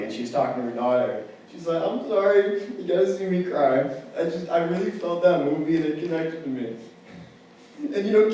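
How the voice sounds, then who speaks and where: A young man does a stand-up comedy set on a campus theater stage before a live audience, telling stories in a wry, casual way full of filler "like". His voice is medium-pitched with a darkish tone. The recording comes from far off in a very echoey hall, with a little hiss or hum.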